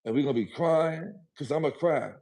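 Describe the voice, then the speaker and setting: A man's voice: fairly high pitch, a little fast, darkish tone. A man speaking as a guest on a livestream, talking in a preachy, emphatic, motivational way and repeating his phrases. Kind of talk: motivational live chat.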